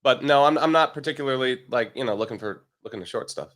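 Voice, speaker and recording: A man appears as a guest trader on a markets show. He speaks bluntly and at a measured pace. His voice is mid-pitched. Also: fairly bright tone. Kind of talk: casual chat.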